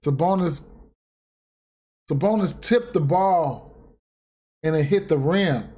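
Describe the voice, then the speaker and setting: A man's voice: on the high side, takes it slowly, mellow, slightly rough. A man ranting casually and profanely on a livestream about sports bets, repeating himself and getting heated. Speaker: sports betting streamer.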